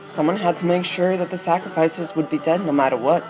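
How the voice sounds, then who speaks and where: Remorseless prisoner, male, soft and indifferent, read by a woman, low voice. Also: a little fast, music in the background, close to an everyday voice, rough recording. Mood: cold, indifferent.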